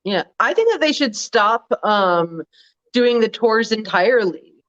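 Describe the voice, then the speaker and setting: A woman's voice: a little high, lively intonation, unhurried, a bit bright. A woman co-hosting a casual political chat over a video call, blunt and wry, with lots of "like" and "um". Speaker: co-host. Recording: dull lo-fi audio.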